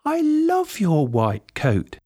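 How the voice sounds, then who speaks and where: A man voicing a kindly, generous old woman in a storybook, with a high fluttery voice. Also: huge pitch swings, takes it slowly, mellow, full character voice. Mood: warm, eager.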